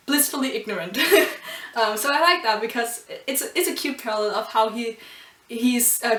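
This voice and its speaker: A woman's voice: a little high, a bit bright. Gushing woman reviewer, roomy and distant. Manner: gushing and emotional, with frequent ums and laughs. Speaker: anime and manga reviewer. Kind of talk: casual video review.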